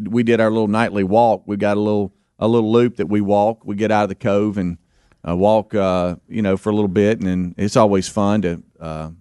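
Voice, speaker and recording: A middle-aged man, co-hosting a morning radio show and telling a story in a lively, chatty way. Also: smooth, no room sound, studio quality. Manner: animated storyteller, acts out quoted people with higher pitch. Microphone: studio microphone.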